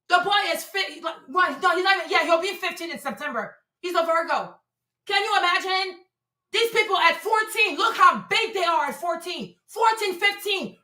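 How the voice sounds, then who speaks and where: Her voice is very high, bright and forceful, bouncing around an echoey room. This livestream host, a mother, offers heated commentary, repeating herself emphatically and regularly stammering before restarting what she's saying.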